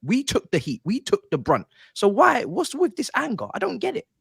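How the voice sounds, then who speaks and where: A man on a football panel, ranting in theatrical mock outrage. His pitch swings widely, and his voice sounds dry and close. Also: wildly swooping pitch, normal speed, gravelly, a bit bright, husky, no room sound. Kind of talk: football fan banter.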